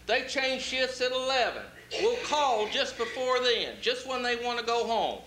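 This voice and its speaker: A man plays a scheming, commanding lawyer with a very high, bright voice. He speaks calmly and takes charge. The recording is roomy with faint hiss. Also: unhurried, heavily acted. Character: scheming smooth-talking male lawyer. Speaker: community theater actor. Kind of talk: stage play acting.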